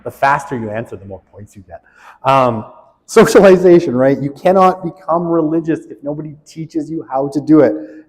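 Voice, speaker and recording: A man's voice: medium pitch, darkish tone, big-room sound. A male instructor running a class quiz review, reading questions aloud and joking with students.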